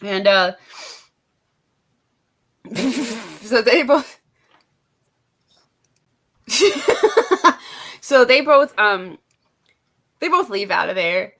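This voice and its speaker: A woman's voice: a little high, expressive, drawn-out words, pauses often, a bit bright. A woman hosting a casual livestream chat, laughing often and swearing freely. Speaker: streamer host.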